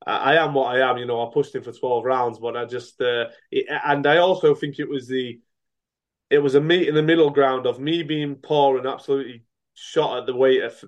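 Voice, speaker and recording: A middle-aged man, a boxer turned coach, speaking in a mid-pitched voice. He talks frankly in a loose, rambling way, often restarting his sentences and leaning on fillers as he tells his story. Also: fairly even intonation, a little fast, lo-fi sound. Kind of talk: casual interview talk.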